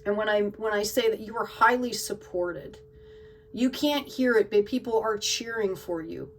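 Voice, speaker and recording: A woman's voice: mid-range voice, unhurried, recorded from a distance, slight background noise, poor audio. A woman giving a tarot card reading to her viewers in an emotional, gushing way, often checking in with "okay?". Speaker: tarot reader.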